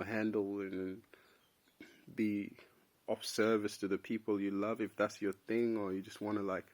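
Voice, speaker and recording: A young man from South Sudan talking casually and at length to camera, rambling and calling listeners "bro". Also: lowish voice. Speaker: vlogger. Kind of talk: unscripted opinion monologue.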